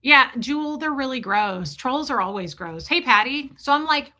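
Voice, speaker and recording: A woman hosting a livestream, telling a comic story in a casual, profane, animated way and calling out viewers in the chat by name. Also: fairly high pitch, normal speed. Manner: animated, profane, ranting, reads chat names aloud. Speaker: livestream host.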